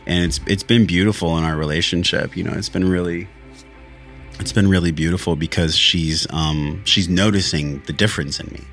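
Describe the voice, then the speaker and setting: A man's voice: low-pitched, fairly even intonation, normal speed, fairly bright tone, soft background music. A man hosting a podcast, talking earnestly and candidly about a spiritual journey, with frequent swearing. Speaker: podcast host. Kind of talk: candid reflective monologue.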